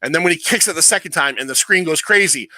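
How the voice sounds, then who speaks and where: Bright, dry-voiced man in casual chat. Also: a little high, animated, fast talker, no room sound. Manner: laughing, rambling, profane. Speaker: podcast co-host.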